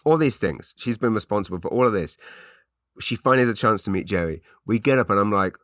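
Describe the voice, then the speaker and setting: A man's voice: fairly low pitch, lively intonation, fast talker, dry recording, studio quality. A man with an English accent hosting a podcast, telling a rambling comic story full of restarts and put-on voices. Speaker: podcast host. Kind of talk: solo comedic ramble.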